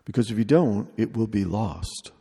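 The room's long reverb colors the voice of a retreat leader speaking in a large hall: a man with a lowish, dark, mellow, gravelly tone. He talks slowly and deliberately, returning again and again to short phrases.

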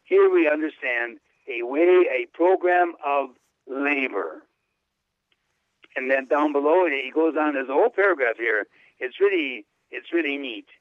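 A man speaking slowly and emphatically in a fairly high voice, lifting his pitch on key words as he reads and comments. His talk is full of small restarts and eager asides. The sound is dry and squeezed through a tinny, phone-like line. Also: lively intonation, no echo. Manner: slow, emphatic quoting, rising on key words, enthusiastic asides; hesitant, repeats words and restarts. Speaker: Latin scholar reading and explaining a papal text. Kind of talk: unscripted radio talk, reading aloud with commentary.

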